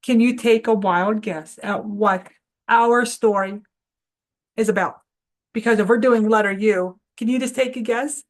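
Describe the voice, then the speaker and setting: A woman's voice: mid-range voice, steady tone, a little slow. A woman hosting a preschool phonics lesson, encouraging children to repeat after her and speaking to parents. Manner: encouraging, sing-song call-and-response. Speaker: preschool teacher and show host.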